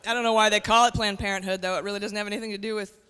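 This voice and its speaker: On a comedy club stage, a brash woman in her forties talks straight to the audience in a conversational stand-up set. Her mid-range voice is rapid-fire, pushed and bright, with fairly even intonation; faint music plays behind, and the recording carries long hall reverb and faint noise.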